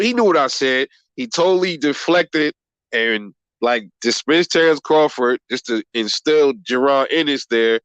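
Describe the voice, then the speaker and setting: On a boxing channel livestream, a man with a medium-pitched, fairly bright voice reads out viewer comments. He swears, rambles, laughs easily and calls everyone bro, with no echo in the audio.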